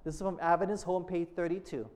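A male pastor preaching a sermon in a call-and-response manner, often checking in with "amen?" and slowing down to read quotations aloud. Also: sits high, steady tone, darkish tone. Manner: slows and lifts voice reading quotations aloud.

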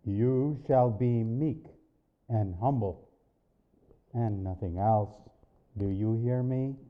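A man voicing a firm, commanding divine male voice that speaks slowly and solemnly. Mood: stern. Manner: slow, low and solemn. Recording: dull lo-fi recording.

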